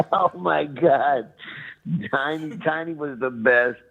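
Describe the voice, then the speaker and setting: Blunt retired boxer over a phone line. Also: male voice, on the high side, slow, gravelly. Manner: blunt and laughing. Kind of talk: casual interview chat. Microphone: phone call.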